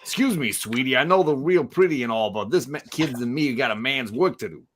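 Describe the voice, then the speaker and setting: Brief: gruff New York strongman, blunt and brash, read by a man. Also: mid-range voice, animated, fairly quick, a bit bright. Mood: teasing. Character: brash gruff male rock-skinned strongman.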